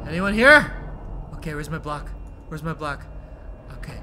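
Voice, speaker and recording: A man giving let's-play commentary on a horror game, excitable and yelping when startled. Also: medium pitch, slow, pauses often, a little hiss or hum. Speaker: gaming YouTuber.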